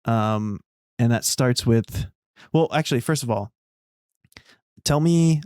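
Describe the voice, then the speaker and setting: A man's voice: medium pitch, slow pace, a little mellow, no echo, studio quality. A man hosting a casual talk show, rambling with fillers and restarts. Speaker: podcast host. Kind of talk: casual chat.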